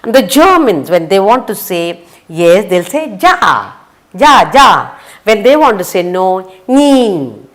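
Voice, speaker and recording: A woman's voice: mid-range voice, big pitch swings. A woman with an Indian English accent teaching a vocabulary lesson for children, spelling letters out and repeating each word. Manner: slow, sing-song, repeats words and spells letters.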